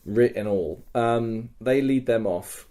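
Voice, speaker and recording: A man hosting a podcast, telling a story in casual chat, animated and swearing a lot. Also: medium pitch, slow pace. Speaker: podcast host.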